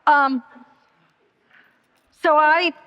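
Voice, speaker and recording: A woman giving a candid personal testimony at a recovery meeting, talking haltingly with many fillers and restarts. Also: high voice, steady tone, dull audio. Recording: long hall reverb.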